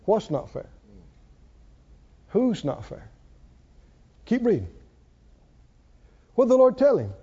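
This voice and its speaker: Guy preaching, high voice swinging all over, folksy, kinda muffled lo-fi recording. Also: slow pace, pauses often, slightly rough. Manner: folksy, animated preaching with questions to the congregation. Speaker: pastor. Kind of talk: sermon. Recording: dull lo-fi recording.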